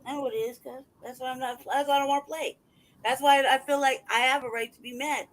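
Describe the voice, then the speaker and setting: A man's voice: extremely high pitch, steady tone, quick pace, poor audio. A man venting in an angry, profanity-heavy rant as a podcast host. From United States. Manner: angry, profane, loud outbursts. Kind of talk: heated casual rant.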